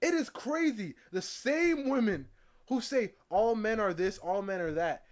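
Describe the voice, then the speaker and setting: A streamer reacting to a clip, incredulous and rambling, sometimes mocking. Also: male voice, sits high, lively intonation, a little slow. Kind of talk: live stream reaction commentary.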